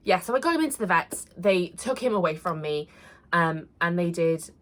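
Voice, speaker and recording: A woman in her thirties recounts a personal story straight to camera. Her voice sits a little low for a woman, and she talks earnestly and casually, often pausing on fillers and restarting her sentences. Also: expressive, a bit bright. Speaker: vlogger.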